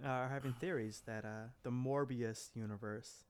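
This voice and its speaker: A man's voice: medium pitch, fairly even intonation, normal speed, clear, resonant tone. A man co-hosting a casual movie chat, gushing enthusiastically and swearing freely. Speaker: podcast co-host.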